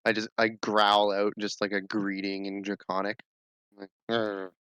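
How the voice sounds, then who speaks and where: A man playing his character in a tabletop role-play game, explaining things in a measured, scholarly way. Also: fairly low pitch, completely flat delivery, bright, forceful tone, smooth, dry recording, low-quality recording.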